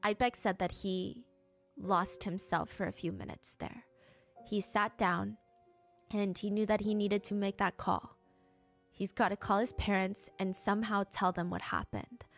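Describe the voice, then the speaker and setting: A woman's voice: medium pitch, steady tone, a little slow, faint music behind. Woman vividly narrating a true crime story. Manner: vivid storytelling, acting out quotes.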